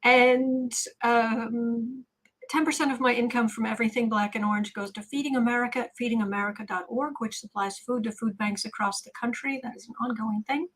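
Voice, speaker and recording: Woman, livestream host, a little high, husky, chatty and blunt. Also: fairly even intonation. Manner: chatty, fast-talking and blunt. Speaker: tarot reader and livestream host. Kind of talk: casual livestream chat.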